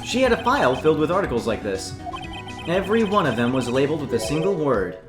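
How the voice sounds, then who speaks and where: An earnest young defense lawyer, voiced by a man during a game playthrough, direct and pressing, with a lively, rising and falling delivery. The voice has a roomy echo, with game music playing underneath. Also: fairly high pitch, fast talker. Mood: accusing. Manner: earnest, accusing. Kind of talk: fan voicing of a game playthrough.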